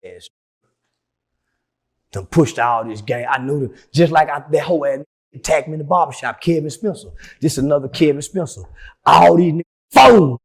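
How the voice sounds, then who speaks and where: A middle-aged man telling a story as an interview guest, profane and heated, dropping to low mutters and then shouting. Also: moderate pace.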